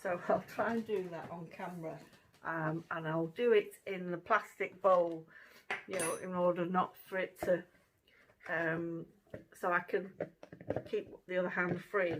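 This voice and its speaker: A woman's voice: fairly low pitch, fairly even intonation, measured pace, noisy background. A woman hosting her own channel, chatting casually through a fruit taste test at home, with plenty of fillers. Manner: chatty, conversational, many fillers. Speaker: channel host.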